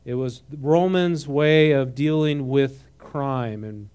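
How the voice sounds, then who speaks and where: Animated man teaching scripture. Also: medium pitch, slow pace, clear, resonant tone. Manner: animated, asks the audience questions, mixes reading with comment. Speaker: preacher teaching a Bible passage. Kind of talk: conversational sermon.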